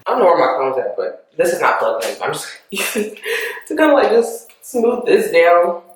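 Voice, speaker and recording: A woman's voice: lowish voice, sing-song, normal speed, breathy edge. A young woman chatting casually to camera in a vlog, rambling and laughing often. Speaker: beauty vlogger.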